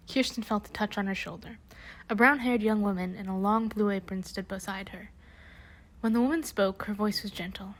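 A young woman casually reading a children's book aloud, throwing in sarcastic asides and slang abbreviations. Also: mid-range voice. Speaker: reader.

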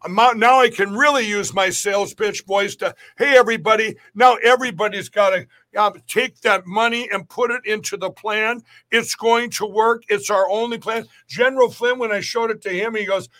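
A man's voice: high-pitched, steady tone, moderate pace, few pauses, sharp tone. A middle-aged man talking as a guest in a podcast interview, rambling and emphatic, often restarting his sentences.

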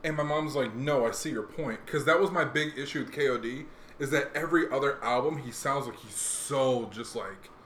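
Rambling young man in an echoey room. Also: medium pitch. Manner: rambling, fast and animated, lots of fillers. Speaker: podcast host. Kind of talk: casual chat. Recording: echoey room, faint noise.

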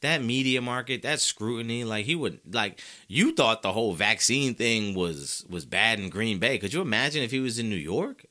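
A man delivers opinionated sports commentary as a show host, worked up and ranting. His pitch swings widely. His tone is forceful and tense, and he drives each point home by repeating it. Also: expressive, moderate pace, few pauses. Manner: ranting, fired up; emphatic repetition.

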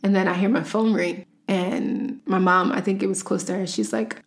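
An American woman tells a personal story casually, full of "like" and acting out dialogue. Her voice is lowish and steady, at a moderate pace.

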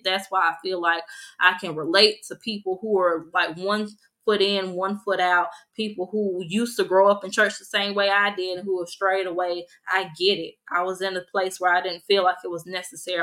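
Bright-voiced young woman podcast host. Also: fairly low pitch, poor audio. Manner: conversational, earnest, sermon-like encouragement. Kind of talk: casual faith podcast livestream.

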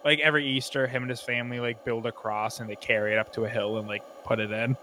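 Bright-voiced man in casual banter. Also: mid-range voice, flat delivery, fast talker, slight background noise. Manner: rambling, full of "like", bursts into goofy impressions. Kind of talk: casual comedic chat.

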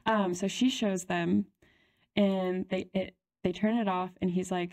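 A woman's voice: medium pitch, steady tone, unhurried, darkish tone. A young woman co-hosting a podcast, telling a story in a chatty way with lots of "like" and giggles. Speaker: podcast co-host. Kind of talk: casual storytelling chat.

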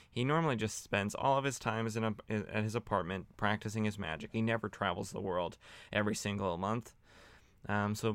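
A man's voice: fairly low pitch, fairly bright tone, clean tone, dry recording. A man hosting a podcast, chatting casually and sardonically as he recaps old comic books, with lots of fillers and restarts. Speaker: podcast host.

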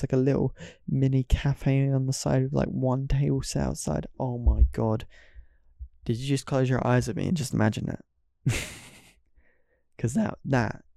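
A man's voice: mid-range voice, gravelly, warm tone, no echo, clean studio sound. A young man hosting his own podcast, chatting alone in a rambling way full of fillers. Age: young adult. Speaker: podcast host. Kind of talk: solo podcast chat.

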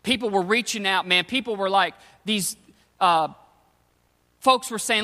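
A man preaching with a high, bright, forceful voice, telling the story in loose everyday slang. His words ring out with a long reverb, as in a large hall. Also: unhurried, long pauses. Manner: casual storytelling, slangy paraphrase of scripture. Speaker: pastor. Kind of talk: sermon.

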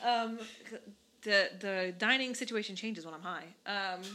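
A young woman, co-hosting a podcast and telling a dating story in an animated, profane, casual way. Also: mid-range voice, a little slow, a little hiss or hum, poor audio. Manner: animated, swears freely, quotes herself in dialogue. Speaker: podcast co-host.

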